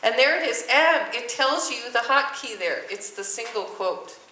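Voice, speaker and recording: In a noisy, echoey classroom recorded from a distance, a woman teaches music by singing note names in solfege and testing her pupils. She speaks at a moderate pace in a slightly high, pushed, bright voice with lively intonation.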